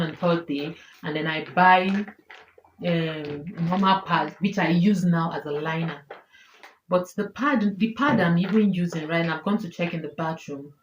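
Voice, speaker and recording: In a personal vlog, a woman in her thirties with a Nigerian accent speaks emotionally to viewers about her health, repeating herself. Her voice is lowish and unhurried. The room echoes and there's faint background noise.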